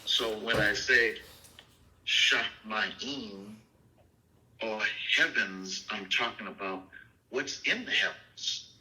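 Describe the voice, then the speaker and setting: A man's voice: lowish voice, slow pace, long pauses, bright, forceful tone, poor audio. A man teaching scripture in an informal, emphatic way, often checking in with "okay?" and "you see?".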